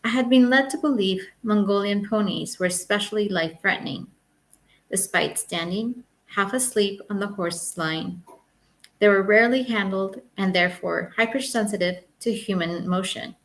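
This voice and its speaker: A woman reading her own travel memoir aloud in a wry, measured storytelling manner. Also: mid-range voice. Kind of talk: audiobook memoir narration.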